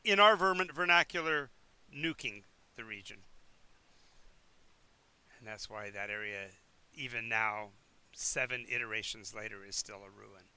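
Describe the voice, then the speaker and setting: A man leads a tabletop game on a live stream, describing lands and map details as game master. His voice is very bright and clean. He often stops and restarts mid-sentence while he looks things up. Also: on the low side, clear, resonant tone. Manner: halting, with many restarts and fillers while checking the map.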